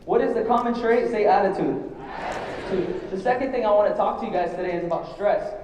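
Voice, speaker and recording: A man's voice: sits high, fairly quick, noisy background. A young man in his twenties giving a fervent, emotional motivational speech at a company event, pushing the crowd with questions. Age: 20s. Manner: emotional, near tears. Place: large event hall. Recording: echoey hall from far off, dull.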